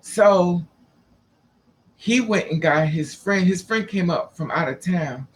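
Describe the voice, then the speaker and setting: A man's voice: high voice, takes it slowly. Sassy camp man telling stories. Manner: sassy, camp and dramatic, acts out quoted people. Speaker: storyteller. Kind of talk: casual storytelling monologue.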